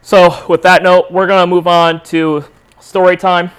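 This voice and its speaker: A man's voice: high voice, little pitch movement, a little slow, fairly bright tone, clean tone. A young adult man hosting a podcast, telling a rambling, profane story in a casual, laid-back way. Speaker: podcast host.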